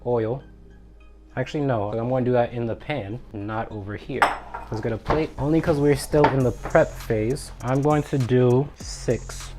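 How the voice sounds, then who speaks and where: A man at mid pitch walks through a recipe in his home kitchen, chatting and muttering asides to himself as he cooks. He sounds slightly out of breath. Soft music plays faintly underneath. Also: unhurried. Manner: chatty, talks to himself while cooking. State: a bit out of breath. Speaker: cooking channel host. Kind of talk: casual cooking vlog.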